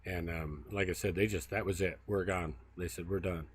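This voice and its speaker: This man speaks at a normal pace in a low, slightly rough voice. He's a field researcher hosting a casual outdoor walk-and-talk stream, rambling through filler-heavy stories as he moves through brushy woods beside a river.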